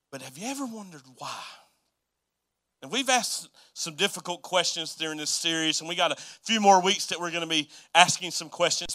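Casting: middle-aged man, pastor, high bright voice, folksy sermon to a congregation. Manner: folksy, self-deprecating, talks to the congregation. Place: church sanctuary.

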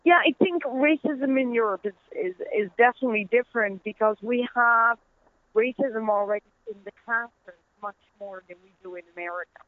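A woman's voice: on the high side, moderate pace, dry recording. Dutch-accented woman over a tinny phone line. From Netherlands. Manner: earnest, storytelling, laughs easily. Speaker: author and interview guest. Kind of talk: conversational interview.

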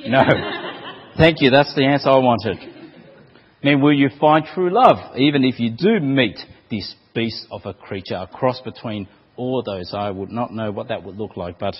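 Male preacher, lively delivery, breathy, echoing dull hall sound. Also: medium pitch. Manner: playful, animated storytelling. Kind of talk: sermon.

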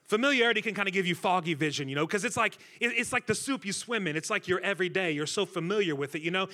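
Guest preacher, man, bright forceful tone, slightly high voice, jokes with the room. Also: fast. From Centralia, Illinois. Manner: energetic, joking, talks with the crowd. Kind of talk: sermon. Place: church stage before a congregation.

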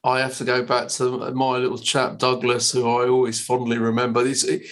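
A man who trains teachers, telling lively classroom stories in a relaxed chat. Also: mid-range voice, a little fast. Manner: animated anecdotes with bright put-on quotes. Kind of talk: casual podcast chat.

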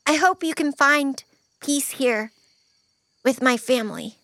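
A woman playing a tabletop game, soft-spoken and a little hesitant. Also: high-pitched, unhurried, no echo. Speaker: player.

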